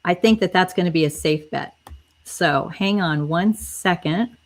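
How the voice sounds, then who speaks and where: A woman's voice: lowish voice, measured pace. A woman hosting a live online stream, chatting casually and speaking directly to her viewers as she runs a giveaway. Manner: chatty, addresses viewers directly, spells things out. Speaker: livestream host running a giveaway.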